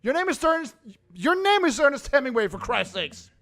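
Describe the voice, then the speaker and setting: A man voicing a brash, drunk middle-aged film buff who rants loudly with a slurred voice. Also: extremely high pitch, sing-song, a little fast, pitched above the performer's own voice, full character voice. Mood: ranting. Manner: slurring drunk voice, loud and ranting.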